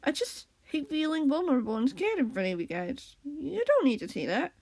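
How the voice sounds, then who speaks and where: A woman puts on a nervous young tomcat with a slightly raised, light voice that stays soft and hesitant. He sounds troubled and vulnerable. The read is close and dry, with no room behind it. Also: sits high, big pitch swings, normal speed, no echo, pitched above the performer's own voice. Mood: uneasy. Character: anxious, sad young male cat.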